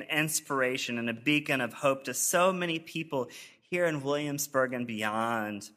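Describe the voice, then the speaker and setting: A male pastor giving a sermon, reading letters of support aloud in an earnest, measured way. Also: medium pitch, bright, forceful tone. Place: church sanctuary.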